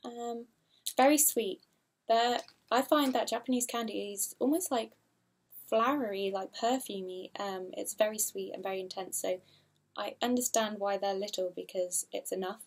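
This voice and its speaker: A woman's voice: medium pitch, normal speed. A young woman, chatting casually through a haul video, rambling and giggly, unsure of product names. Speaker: vlogger.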